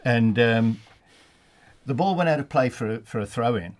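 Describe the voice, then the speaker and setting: A man with a Black Country accent, a retired football referee telling funny anecdotes in a relaxed studio chat. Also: medium pitch, moderate pace. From England. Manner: anecdotal, laughs at his own stories, many restarts. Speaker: studio guest, former referee. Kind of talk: storytelling in a casual chat.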